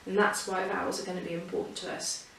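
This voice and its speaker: A woman's voice: on the low side, little pitch movement, fast, creaky, a bit bright. A woman teaching children about reading with a patient, encouraging manner, recorded at home. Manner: patient and encouraging, sings a silly song. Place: home during lockdown. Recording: echoey room, far from mic, faint hiss.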